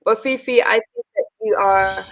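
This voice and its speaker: A woman's voice: on the high side, moderate pace. A woman hosting a casual livestream, venting bluntly with profanity and frequent restarts. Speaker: livestream host.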